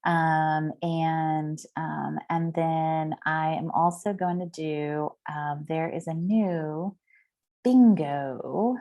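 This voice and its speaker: A woman's voice: sits low, fairly even intonation, extremely slow, mellow. A woman hosting a team meeting over a video call, talking casually in a chatty, rambling way with lots of fillers. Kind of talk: casual chat.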